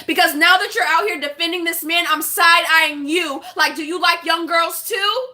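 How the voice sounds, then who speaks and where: A woman with a high voice and a bright, forceful tone delivers a vlog rant to her viewers. She talks bluntly and with passion and swears freely. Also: normal speed. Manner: impassioned, blunt, profane. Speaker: vlogger. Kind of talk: casual vlog rant to camera.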